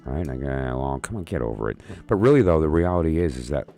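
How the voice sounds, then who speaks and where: A man's voice: a bass voice, animated, quick pace, mellow, faint music behind. A man hosting a late-night live stream of oracle readings, rambling and joking as he talks to his viewers. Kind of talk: casual live-stream chat.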